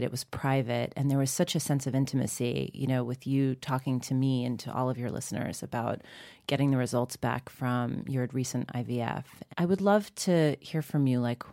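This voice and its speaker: A woman in her forties with a very deep voice carries this interview. Her voice is gravelly with a dry, close sound, and she asks her questions in a thoughtful, measured way. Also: a little mellow, no room sound. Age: 40s. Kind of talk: conversational interview.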